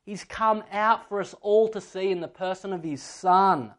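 Speaking at a moderate pace in a high-pitched voice, a male pastor delivers a sermon. He tells stories along the way and occasionally imitates a child's voice within them.

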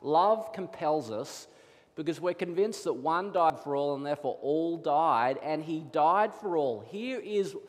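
A man preaching a sermon as pastor, telling stories with animated delivery and acting out his children's voices. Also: on the high side, measured pace. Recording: long hall reverb.

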